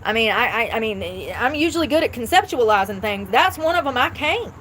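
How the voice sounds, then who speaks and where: A woman's voice: fairly high pitch, sing-song, fairly quick, a bit bright, rough recording. Woman streaming outside, blunt chatty talk, traffic going by behind her. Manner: chatty and blunt, thinking aloud. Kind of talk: casual live-stream chat. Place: outdoors near traffic.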